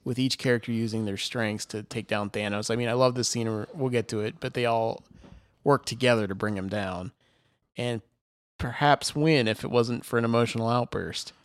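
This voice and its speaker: A man's voice: mid-range voice, normal speed, dry recording. Dry-humored male podcast co-host. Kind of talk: casual chat.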